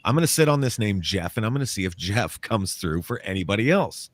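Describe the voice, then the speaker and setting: A man, a paranormal author and interview guest, telling a story in a casual, animated way and acting out the quotes. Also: fairly low pitch, a little fast, no echo. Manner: animated, acts out quotes, laughs often.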